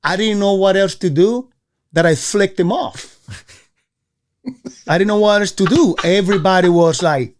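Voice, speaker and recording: Former baseball player from venezuela, casual guest storytelling, lively delivery, somewhat high voice. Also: male voice, a little slow, pauses often. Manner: animated, acts out quoted voices with jumps in pitch.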